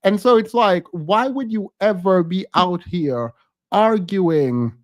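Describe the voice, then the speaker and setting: A man with a high, bright-sitting voice runs through celebrity gossip in a loose, animated way, laughing easily. The sound is close and dry, with no room around it. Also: slow, no room sound. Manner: animated, chatty, laughs often. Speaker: pop culture commentator. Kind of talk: casual gossip commentary.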